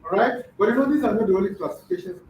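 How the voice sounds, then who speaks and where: A man's voice: sits high, rapid-fire, a little mellow, a little hiss or hum. A man teaching a classroom lesson, often quizzing the students with questions. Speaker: language teacher. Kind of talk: classroom lecture. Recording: dull echoey room from far off.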